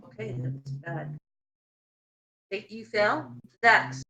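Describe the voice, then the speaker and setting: A woman running a tabletop game as game master, calling out rolls and rules in a brisk, instructive way. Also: on the low side, expressive, sharp tone, a little hiss or hum.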